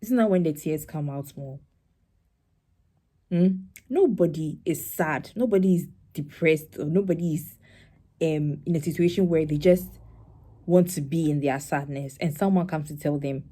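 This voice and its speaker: A woman's voice: moderate pace, warm tone. A young woman, a spoken word poet talking her audience through her poem in a reflective, conversational way. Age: young adult. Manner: reflective, conversational, acts out quoted voices in a higher tone.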